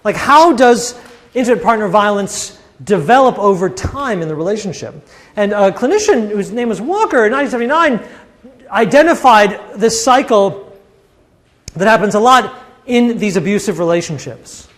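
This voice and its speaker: A man giving a university lecture in a classroom, animated and acting out the quoted voices. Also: high voice, normal speed, big-room sound. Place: lecture hall.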